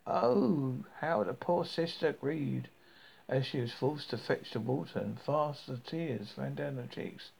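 A man reading a fairy tale aloud, halting and often stumbling over words, on a dull lo-fi recording. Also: mid-range voice, vocal fry, darkish tone, a little hiss or hum. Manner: halting, with frequent stumbles and restarts. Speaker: storybook reader.

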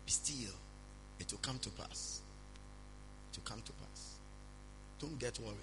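A man preaching a sermon, speaking calmly and reassuringly to his congregation. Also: mid-range voice, unhurried, slight background noise, poor audio. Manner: preaching, shifts from loud prayer to calm counsel. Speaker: pastor.

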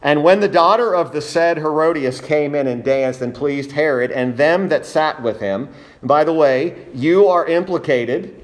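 A man's voice: fairly high pitch, normal speed. A man preaching an expository sermon, reading scripture and speaking earnestly and emphatically to his congregation.

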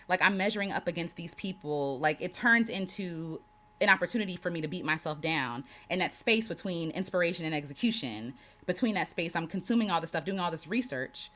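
A woman talks straight to her livestream viewers as a creative coach. She is affirming and animated, repeats her key lines for emphasis, and laughs easily, with a lively, swooping pitch. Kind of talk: casual livestream talk.

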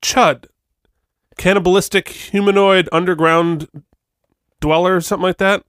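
A man's voice: sits high, fairly even intonation, unhurried, fairly bright tone, clear, resonant tone, dry recording, studio quality. A man co-hosting a podcast, rambling and poking fun at himself in casual chat. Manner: rambling and self-mocking. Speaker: podcast co-host.

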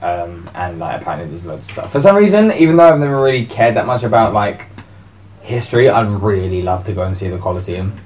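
A man's voice: on the low side, lively intonation, fast, darkish tone. A man in a casual chat among friends, joking and laughing often, using British slang.

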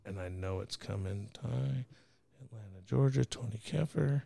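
A man's voice: fairly low pitch, unhurried, vocal fry, warm tone. A man hosting a show, talking in crude, rowdy, teasing banter. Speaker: show host.

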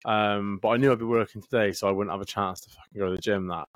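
A man's voice: lowish voice, steady tone, fast, dry recording, studio quality. A man in his thirties, a podcast co-host telling a rambling, sweary story in casual chat. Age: 30s.

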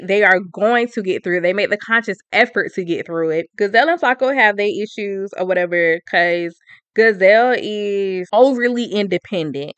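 A woman's voice: mid-range voice, fairly bright tone, dry recording. A woman casually recapping a story in an emphatic, opinionated, slangy way.

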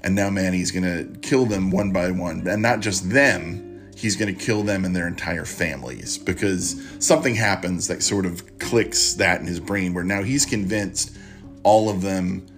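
A man hosting a podcast, recapping and recommending a book in a halting, rambling way with many restarts. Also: low voice, music in the background. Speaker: podcast host.

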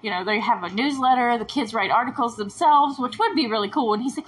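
A woman with a slightly husky voice talks through a show episode on her podcast. She is chatty and exasperated, laughs often and drifts into tangents, and her voice sits a little higher than most. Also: fast, hardly any pauses, low-quality recording. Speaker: podcast host. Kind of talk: casual episode recap podcast.

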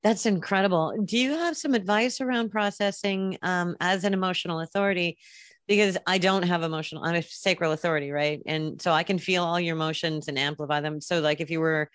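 A woman's voice: fairly low pitch, steady tone, no room sound, clean studio sound. A woman hosting a podcast in casual chat, easygoing and agreeable, asking her guest questions. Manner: easygoing, agreeable, with quick laughs. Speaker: podcast host.

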